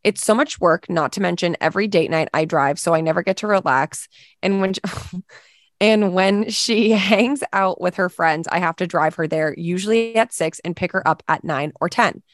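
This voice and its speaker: A woman's voice: on the low side, moderate pace, no room sound, clean studio sound. A woman co-hosting a podcast, chatting casually, swearing and laughing often, and reading a listener's post aloud. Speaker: podcast co-host.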